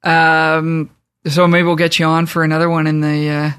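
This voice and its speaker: A man hosting a casual conversation in a slightly high voice. He sounds relaxed and laughs easily between lines. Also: moderate pace, clean tone. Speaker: podcast host. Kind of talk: casual chat.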